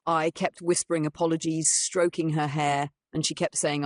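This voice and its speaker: Gravelly woman narrating a ghost story. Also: deep voice, flat delivery, normal speed, dry recording. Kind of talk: scripted first-person horror narration. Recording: narration over music. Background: music.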